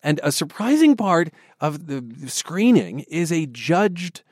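Lively-voiced male radio host. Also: fairly high pitch, slow, no echo, clean studio sound. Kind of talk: radio interview. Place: radio studio.

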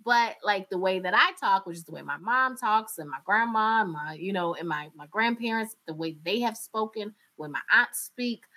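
A woman in her thirties from North Carolina, speaking with a North Carolina Southern accent. Her voice is bright and forward, and she talks candidly and with animation, laughing often as she answers interview questions. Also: medium pitch, animated, normal speed, hardly any pauses. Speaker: radio journalist. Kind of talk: interview conversation.

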